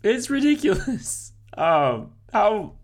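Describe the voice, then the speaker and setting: A man co-hosting a podcast, crying as he speaks haltingly, full of fillers and teary laughs. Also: sits high, very animated. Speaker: podcast co-host. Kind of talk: emotional podcast farewell.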